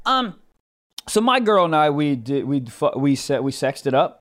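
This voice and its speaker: A man co-hosting a podcast, chatting and joking excitably, sometimes shouting. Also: normal speed. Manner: excitable, jumps between shouts and low mock voices. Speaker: podcast co-host. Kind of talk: casual comedic chat. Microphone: studio mic.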